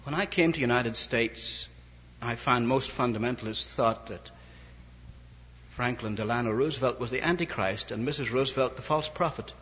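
A man's voice: medium pitch, normal speed, fairly bright tone, slightly rough. A man preaching a sermon, telling anecdotes and acting out the dialogue of the people in them, in an old recording. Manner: storytelling, quoting others in dialogue. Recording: lo-fi old recording in a reverberant hall.

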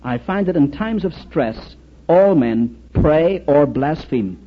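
A man giving a storytelling sermon talk, recounting anecdotes and quoted exchanges in an animated way. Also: on the high side, slow, breathy edge, muffled recording. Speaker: speaker addressing an audience.

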